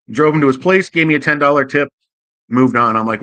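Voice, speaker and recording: A man hosting a show who tells a profane, jokey anecdote in a casual and animated way. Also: a little high, brisk, no echo. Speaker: host. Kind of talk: casual comic storytelling.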